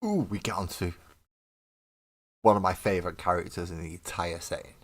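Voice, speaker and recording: A man's voice: sits low, fairly even intonation, normal speed. A British man streaming while he paints miniatures, reading lore aloud and adding dry, joking asides. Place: home hobby desk.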